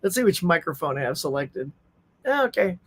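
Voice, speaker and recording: A man's voice: a little high, sing-song, normal speed, slightly rough. A man hosting a casual pop culture live stream from his home setup, talking in a goofy, upbeat way into a desktop USB microphone. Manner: goofy, upbeat, reads viewer chat aloud. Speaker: host of a pop culture livestream. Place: home setup in Southern California.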